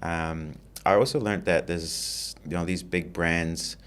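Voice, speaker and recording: A man, a content creator guest on a podcast, talking in a relaxed, easygoing way with lots of 'you know'. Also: deep voice, slow pace, smooth. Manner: relaxed, easygoing, says 'you know' often, laughs lightly. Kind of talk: casual interview chat.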